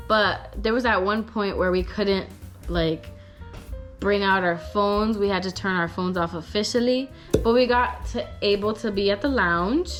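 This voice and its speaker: A young woman vlogger telling a story, animated and expressive, swearing casually. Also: medium pitch, a little slow, faint music behind. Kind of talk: story time vlog.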